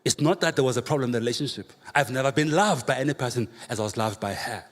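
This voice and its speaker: A man, a pastor preaching a sermon with humorous, animated storytelling and rhetorical questions. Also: mid-range voice, quick pace. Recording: reverberant hall, faint room noise.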